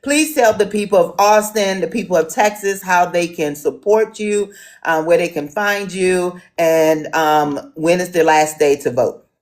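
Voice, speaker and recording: A woman's voice: fairly low pitch, a little slow. A woman from Washington, D.C. moderating an online town hall, talking casually with lots of ums and restarts.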